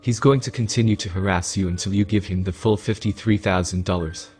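A snarky teenage hacker girl, cocky and teasing, voiced by a man. She is read in a very low, deep register with faint music underneath. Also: fairly even intonation, brisk, darkish tone, close to an everyday voice.

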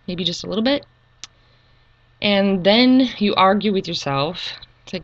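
A middle-aged woman talking earnestly and hesitantly in a personal video monologue, pausing with frequent ums. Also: medium pitch, no room sound, highs cut off. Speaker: YouTube channel creator.

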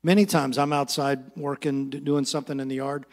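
A man leading a Bible study, enthusiastic, reading scripture slowly and commenting on it. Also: mid-range voice, steady tone. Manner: enthusiastic, reads verses slowly.

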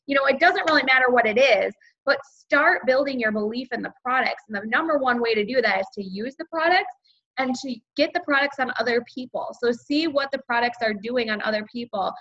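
A woman's voice: a little high, brisk, a bit bright. A woman leading a team sales training over a video call, upbeat and chatty with lots of fillers. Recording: dull lo-fi video call audio.

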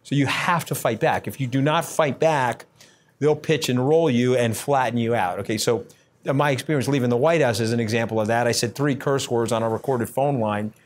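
A brash man gives blunt, combative answers in an interview. His voice sits at an everyday middle pitch and he talks in uneven bursts, full of fillers and restarts. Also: normal speed. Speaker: interview guest.

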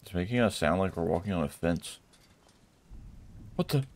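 A man with a deep, low-pitched voice talks through his gameplay in a casual let's-play style. He chuckles often and blurts out surprised exclamations as things happen on screen. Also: animated, normal speed, darkish tone, a little hiss or hum. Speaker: gameplay commentator.

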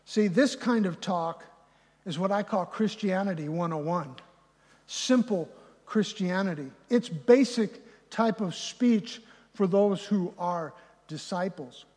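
A man preaching a live sermon as pastor, going from loud emphatic peaks to quiet low passages. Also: slow. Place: church sanctuary. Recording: reverberant church hall.

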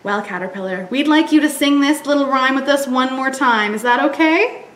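A woman librarian hosts a children's storytime. Her voice is high, bright and very lively. She reads slowly in a sing-song way, and the room adds a roomy echo. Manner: sing-song, slow and expressive.

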